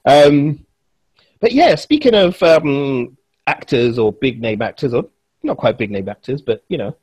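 A man hosting a casual film chat, animated and laughing often. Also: medium pitch, a little slow, husky, no room sound. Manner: animated, laughs often, quotes lines in put-on voices. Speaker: podcast host.

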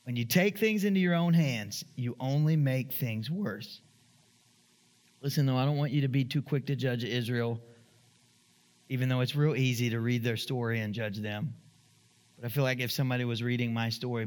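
A man preaching a sermon as pastor in a church, animated and acting out the voices of the people in his story. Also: normal speed, long reverb tail. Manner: animated, acts out quoted voices, rises to high emphatic pitch.

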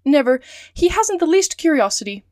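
A woman's voice: sits high, sing-song, normal speed, darkish tone, dry recording, clean studio sound, pitched above the performer's own voice. A woman voicing a cheerful, trusting male manservant in a storybook reading, with eager, amiable talk.

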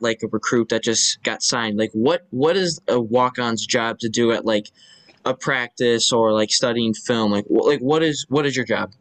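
A podcast host, a man of middle pitch, asks his guest questions in a loose, rambling way, often restarting mid-thought. His voice sits close and dry on the mic. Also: fairly bright tone, dry recording, low-quality recording. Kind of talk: casual interview questions.

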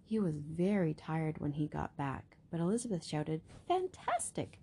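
A woman reading a picture book aloud in a steady, expressive way. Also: sits low, normal speed, slight background noise. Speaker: storyteller.

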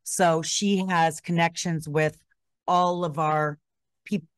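A woman co-hosts in a relaxed, casual manner, tossing in quick reactions. Her voice is recorded close in a dry room. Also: low voice, clear, resonant tone, dry recording. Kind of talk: casual chat.

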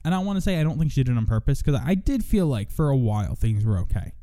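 A man's voice: mid-range voice, sing-song, fast, dark tone. A young man hosting a solo podcast, venting in a profane, rambling monologue full of restarts. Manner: profane, rambling, self-interrupting. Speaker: podcast host.

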